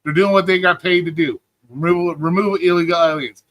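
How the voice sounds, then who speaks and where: A man's voice: high-pitched, steady tone, a little fast, a bit bright, no echo. A man hosting a livestream, ranting in a profane, mocking way and talking back to chat. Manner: profane, mocking, mimics people in a whiny voice. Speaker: livestream host.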